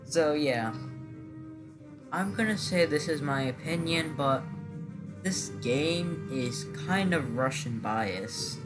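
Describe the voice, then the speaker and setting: A man's voice: fairly high pitch, animated, slow, music in the background. A man hosting his gaming channel, giving casual, rambling gameplay commentary with many hesitant fillers.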